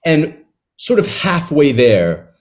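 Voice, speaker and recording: A man in an interview, talking casually about a book he wrote, retelling its scenes with quick asides. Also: fairly high pitch, sing-song. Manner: conversational, retells scenes with quick acted quotes and laughs. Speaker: author discussing his novel.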